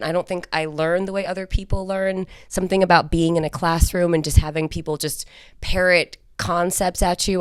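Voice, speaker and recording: Low-voiced wry young woman guest. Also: clear, resonant tone, dry recording, studio quality. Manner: self-deprecating, wry storyteller. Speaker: podcast guest. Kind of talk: casual interview chat.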